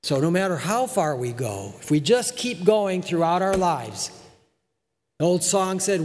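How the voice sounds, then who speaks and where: A high-voiced older man preaches in a folksy, emphatic way, driving his points home by saying them again and again. His voice carries through a church sanctuary with a long tail of reverb behind it. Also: very animated, unhurried, darkish tone, a little hiss or hum. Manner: folksy, emphatic, repeats phrases for stress. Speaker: pastor. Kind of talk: sermon.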